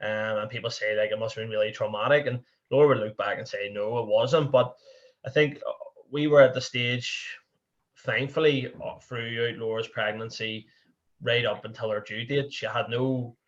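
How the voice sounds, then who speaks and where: A man's voice: medium pitch, fairly even intonation, normal speed, muffled recording. A young man with a Northern Irish accent, a podcast guest telling a candid personal story in a rambling way, full of "you know" and restarts.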